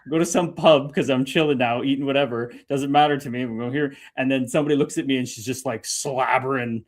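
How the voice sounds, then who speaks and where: A man hosting a casual livestream chat, relaxed and laughing often, calling everyone "dude". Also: mid-range voice, fast talker. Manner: laid-back, peppered with "dude", laughs often. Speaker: host.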